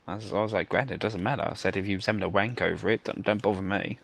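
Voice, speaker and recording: Low-voiced man rambling a story. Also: steady tone, rapid-fire, gravelly. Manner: rambling anecdote, many fillers and restarts. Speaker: gamer telling a story. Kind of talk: casual chat over gameplay.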